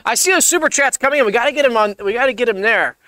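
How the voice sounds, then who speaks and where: Bright, high-voiced man chatting. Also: no echo. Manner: rambling, halting restarts; mock-scared shouting while reading chat. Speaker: podcast co-host. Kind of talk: casual live-stream chat.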